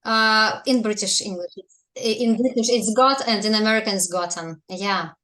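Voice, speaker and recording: A woman's voice: medium pitch, normal speed, bright, forceful tone. Woman teaching English on a video call. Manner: explaining patiently, asking students questions. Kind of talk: online language lesson.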